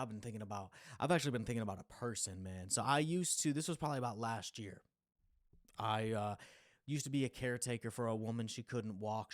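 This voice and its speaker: A man's voice: lowish voice, no room sound, clean studio sound. Rambling slangy podcast guy. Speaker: podcast host. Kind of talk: casual solo podcast chat.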